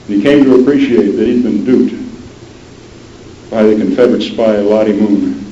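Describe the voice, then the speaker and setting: A man telling a dramatic historical story in a measured way, often dropping low and soft for emphasis. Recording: roomy, dull lo-fi sound with faint noise.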